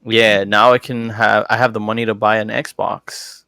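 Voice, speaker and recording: A man, a podcast guest who streams, talking in a casual chat, animated and swearing as he jumps from topic to topic. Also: on the low side, moderate pace, creaky, clean tone, no echo.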